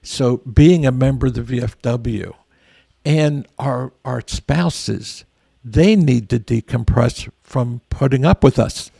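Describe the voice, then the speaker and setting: A man's voice: medium pitch, takes it slowly, gravelly, mellow, breathy edge, dry recording. An older man, a veteran guest, telling stories in a rambling, earnest way with frequent restarts. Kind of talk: casual storytelling interview.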